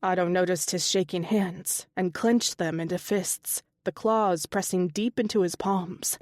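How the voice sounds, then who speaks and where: A woman narrating an audiobook in an even, steady storytelling voice. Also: on the low side, measured pace, few pauses, no room sound, studio quality. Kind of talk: scripted narration.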